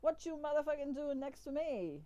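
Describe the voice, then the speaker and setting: A woman's voice: high-pitched, lively intonation, normal speed, mellow, lo-fi sound, pitched above the performer's own voice. A woman voicing a defiant, foul-mouthed male rabbit who talks tough. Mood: indignant. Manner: brash, swearing, tough-talking.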